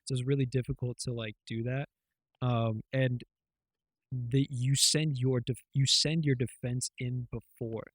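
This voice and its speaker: A man's voice: medium pitch, steady tone, measured pace, no room sound. A man co-hosting a podcast, retelling things in a loose, rambling way with lots of fillers and swearing. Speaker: podcast co-host. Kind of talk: casual chat.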